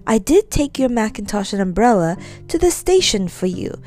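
A woman's voice: medium pitch, big pitch swings, normal speed, warm tone, soft background music, natural voice. A woman voicing a muddled, well-meaning male character who sounds flustered and apologetic.

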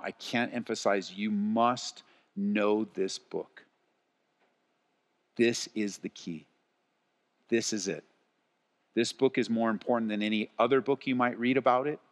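A man preaching a live church sermon as pastor, moving between quiet earnest passages and rising, loud exhortation. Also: medium pitch. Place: church sanctuary. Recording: long reverb of a large hall.

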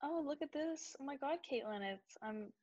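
A woman's voice: high-pitched, moderate pace, dull audio. Chatty young woman podcast co-host. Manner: chatty, animated, acts out text messages in voices. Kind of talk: casual chat.

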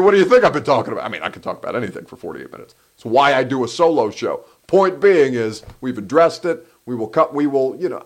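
A man hosting a solo live sports talk show, animated and rambling, often breaking off mid-sentence. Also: mid-range voice. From Egyptian heritage. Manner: animated, rambling, self-interrupting.

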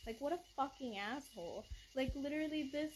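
Young woman venting hard, cussing a lot, kinda high voice, bit of background hiss. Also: lively intonation, brisk, rough recording. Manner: blunt, profane, exasperated. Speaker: podcast host. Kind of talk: casual ranting monologue.

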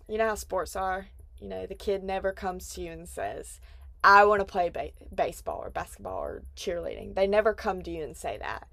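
A woman's voice: mid-range voice, vocal fry, no echo. A woman in her twenties hosting a podcast, chatting casually and rambling with lots of "like" fillers. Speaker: podcast host. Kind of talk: casual chat.

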